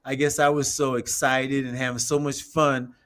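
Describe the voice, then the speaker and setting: A man's voice: medium pitch, flat delivery, normal speed, a bit bright. Rambling man hosting a map talk. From United States. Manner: rambling, addresses viewers as everybody. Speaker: show host. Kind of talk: casual livestream talk over a map.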